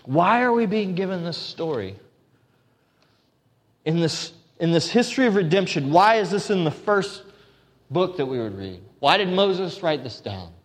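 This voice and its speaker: A man's voice: sits high, sing-song, a little slow. A man preaching a sermon as pastor, earnest, with restarts and emphatic repetition. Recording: long hall reverb.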